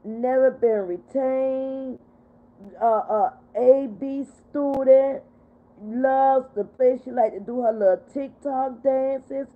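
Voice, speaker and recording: Older woman, livestream host, higher voice, heartfelt and repeating herself, tinny phone audio. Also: slow pace. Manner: heartfelt, repetitive, upset but steady. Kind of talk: casual livestream chat.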